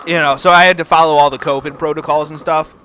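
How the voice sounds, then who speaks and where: A young man hosting a gaming channel, telling a rambling, profane story over gameplay in a casual, animated way. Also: a little high, quick pace, a little hiss or hum.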